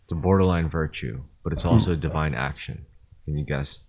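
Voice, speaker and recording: A man's voice: very deep voice, brisk, darkish tone, slightly rough. A man co-hosting a podcast in casual banter, playful and teasing, often laughing and stretching words out for effect. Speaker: podcast co-host.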